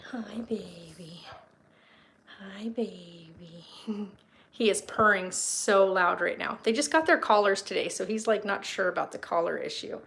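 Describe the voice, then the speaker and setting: A woman's voice: mid-range voice, expressive, a little fast, gravelly, few pauses, fairly bright tone, a little hiss or hum. A young woman chatting casually and rambling a bit as she films a tour of her house and talks to her cats in baby talk. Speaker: vlogger touring her home. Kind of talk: casual home tour vlog. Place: house, indoors and yard.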